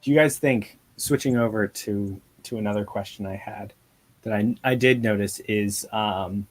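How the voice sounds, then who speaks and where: Husky low-voiced man in book chat. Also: normal speed. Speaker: guest. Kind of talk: casual book discussion.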